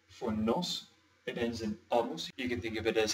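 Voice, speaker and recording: A man's voice: medium pitch, fairly quick, far from the mic, rough recording. A man explaining language grammar step by step in a patient, slightly playful teaching voice. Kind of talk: screen-recorded lesson.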